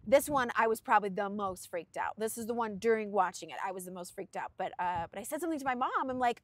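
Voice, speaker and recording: A woman's voice: mid-range voice, fast talker, hardly any pauses, no echo. A woman in her thirties co-hosting a casual podcast, telling stories animatedly and acting out what people said. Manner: animated storyteller, acts out quotes in shifting voices. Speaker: podcast co-host. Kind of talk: casual chat.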